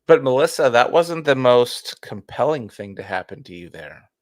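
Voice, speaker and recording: A man's voice: mid-range voice, sing-song, normal speed, dry recording, studio quality. Laid-back man from Canada. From British Columbia, Canada. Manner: laid-back, laughs while talking. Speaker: paranormal investigator, regular guest. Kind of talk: casual radio talk.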